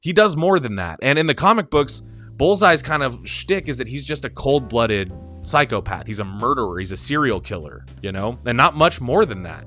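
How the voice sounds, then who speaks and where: Bright-voiced chatty man. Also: mid-range voice, normal speed, faint music behind. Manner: animated and chatty, laughs often, restarts and repeats words. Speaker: host of a live stream. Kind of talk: casual stream commentary.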